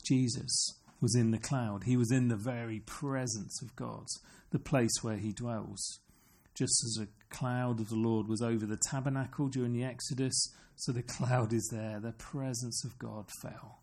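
A man's voice: medium pitch, steady tone, normal speed, hardly any pauses, darkish tone. A man preaching an earnest sermon, often asking his listeners questions. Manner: earnest, asks the congregation questions.

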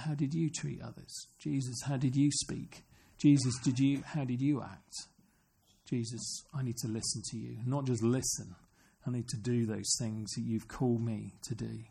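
A man's voice: medium pitch, vocal fry, mellow, husky. A man preaching an earnest sermon, often asking his listeners questions. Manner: earnest, asks the congregation questions.

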